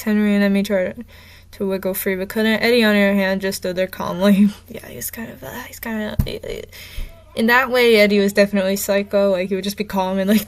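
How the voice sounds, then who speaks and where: Chatty woman reading her old stories. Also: mid-range voice. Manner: chatty, self-mocking, frequent fillers. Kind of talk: reading aloud with casual commentary.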